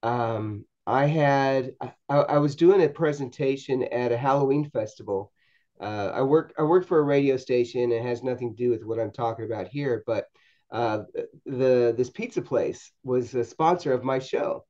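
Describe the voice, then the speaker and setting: A man with a mellow, relaxed voice tells a story as a podcast guest. He talks haltingly, repeating words and restarting. The sound is a little dull and lo-fi. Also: medium pitch. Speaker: podcast guest, paranormal investigator. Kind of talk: storytelling anecdote in a podcast interview.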